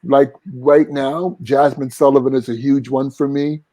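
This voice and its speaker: Earnest man with a mellow voice. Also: mid-range voice, fairly even intonation, a little slow, no echo, low-quality recording. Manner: earnest, reflective, sings short vocal examples. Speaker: singer and vocal coach, guest. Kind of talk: casual interview talk.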